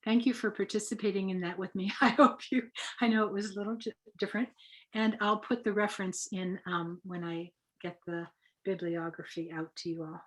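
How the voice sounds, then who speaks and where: A woman guiding a group through a breathing meditation on a video call, speaking softly and slowly as she guides, with halting restarts when she explains. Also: mid-range voice, fairly even intonation, poor audio. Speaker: guest leading a breathing exercise.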